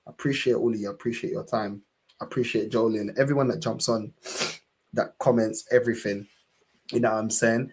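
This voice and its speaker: Husky London man ranting about manhood. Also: fairly low pitch, fairly even intonation, fairly quick. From England. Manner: impassioned, swearing, repeats "bro". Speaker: fan channel host. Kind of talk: casual podcast chat.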